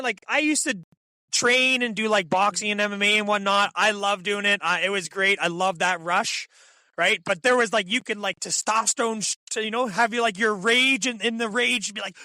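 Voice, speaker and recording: A young man telling hunting stories as a podcast guest, in an excitable, animated way full of fillers. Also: sits high, moderate pace, no echo. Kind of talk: casual storytelling.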